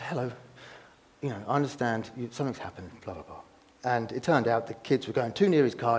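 A man giving an informal sermon to a room of listeners, chatty and self-deprecating, often laughing at himself. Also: medium pitch. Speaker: preacher. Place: room with an audience.

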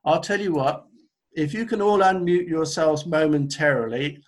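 A man's voice: a little high, normal speed. A man preaching a sermon over a video call, earnest and conversational, recovering from an illness. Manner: earnest, conversational preaching with self-deprecating asides. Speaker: pastor.

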